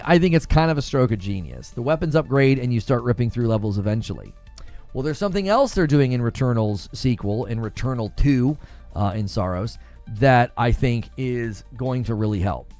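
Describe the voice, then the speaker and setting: Rambling gaming streamer, faint music behind. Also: male voice, medium pitch, animated, moderate pace, darkish tone. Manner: rambling, repeats words, many fillers; reads chat comments aloud and reacts. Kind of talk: casual live-stream commentary.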